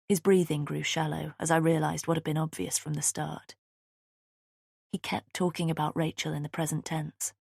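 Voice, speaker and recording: A woman narrating a thriller audiobook in the first person, tense and steady, on a close studio mic. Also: low-pitched, normal speed, vocal fry, husky, dry recording. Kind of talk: scripted narration.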